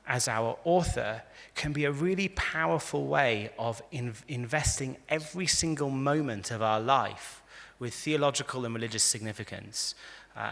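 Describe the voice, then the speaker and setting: A rabbi with a medium-pitched voice and vocal fry gives a lively lecture to a live audience in a large convention hall, and the recording echoes. An animated storyteller, he acts out quotes and frequently restarts his sentences.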